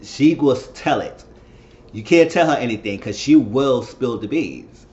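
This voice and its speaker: A man's voice: medium pitch, lively intonation, measured pace, darkish tone, muffled recording. A man casually recapping and commenting on a TV episode, rambling and repeating himself as he retells it. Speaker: TV episode reviewer.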